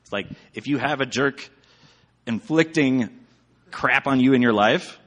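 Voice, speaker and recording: A man's voice: medium pitch, measured pace, a bit bright. A man giving a casual sermon with slides, chatty and rambling, with many fillers. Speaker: church speaker.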